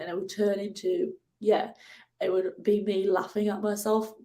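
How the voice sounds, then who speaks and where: A young woman, a guest telling a lively personal story in a casual interview, now and then acting out her own angry shouts. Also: moderate pace. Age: 20s. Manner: animated, acts out her own angry outbursts in a higher voice. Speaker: guest, ocean rower.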